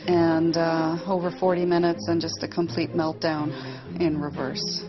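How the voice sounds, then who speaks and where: A woman giving expert commentary on a TV show in a measured, analytical way. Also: low-pitched, level tone. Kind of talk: TV interview commentary. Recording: dull lo-fi TV audio with faint music.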